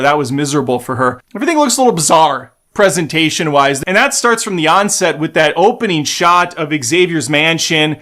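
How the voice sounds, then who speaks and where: A man with a fairly high voice riffs through a trailer in casual reaction commentary. He is sarcastic and snarky, swears freely and keeps jumping into animated, excited bursts. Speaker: movie trailer reaction host.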